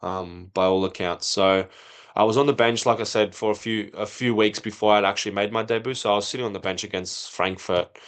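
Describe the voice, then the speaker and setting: A man in casual podcast talk, telling an animated story and acting out the dialogue. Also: on the low side, fairly quick. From not from Europe. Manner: animated, acts out quoted dialogue. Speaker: podcast guest, former footballer.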